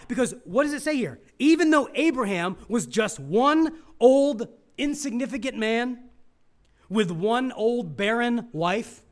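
A middle-aged man pastoring a congregation preaches in a high-sitting voice, posing questions to the people in the pews. His volume shifts from loud emphasis down to near-hushed asides.

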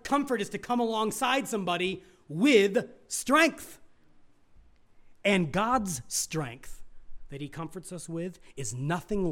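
With a high voice, a middle-aged male pastor preaches and asks the congregation questions. He swings from loud, emphatic delivery to asides that are nearly hushed.

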